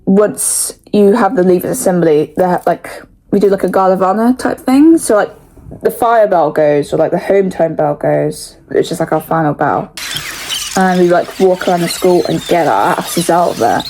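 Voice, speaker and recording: A woman's voice: on the low side, expressive, a little fast, darkish tone, rough recording. A young woman in her late teens with an English accent, telling stories to camera in rambling, frank, sweary casual talk full of "like". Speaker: vlogger. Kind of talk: casual chatty storytelling.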